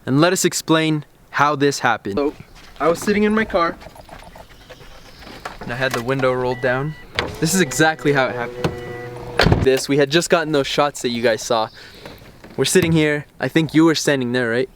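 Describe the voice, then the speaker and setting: Young man, car vlog host, chatty, relaxed storytelling, outdoors, camera shotgun mic. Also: mid-range voice, moderate pace, a little hiss or hum. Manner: relaxed, chatty, retells events with quoted dialogue. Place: outdoors by parked cars. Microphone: camera-mounted shotgun mic.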